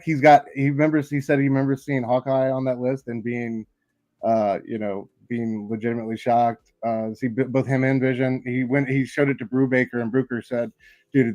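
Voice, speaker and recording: A man's voice: medium pitch, darkish tone, dry recording. A man co-hosts a casual live-stream podcast, recorded in a dry room with a close sound. He rambles, fills gaps with ums and uhs, and keeps apologizing as he tries to get his clips to play. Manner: apologetic and rambling, many fillers. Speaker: podcast co-host.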